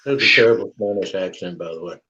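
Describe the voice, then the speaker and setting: A man in casual podcast banter, cutting in with quick remarks and laughs. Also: deep voice, bright, forceful tone, breathy edge, lo-fi sound.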